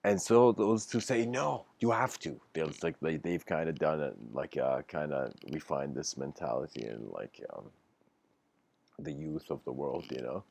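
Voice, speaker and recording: A man's voice: very deep voice, expressive, moderate pace, darkish tone. A man giving a casual storytelling lecture, laughing often, acting out his characters' lines, and talking with plenty of fillers and restarts. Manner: acts out characters' lines in quoted voices.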